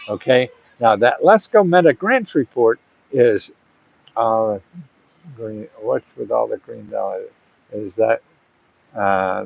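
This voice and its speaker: A man's voice: a little high, dry recording. A man hosting and giving grant advice in casual talk to the camera, rambling and chatty, with bursts of emphatic urging. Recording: dull, dry lo-fi audio.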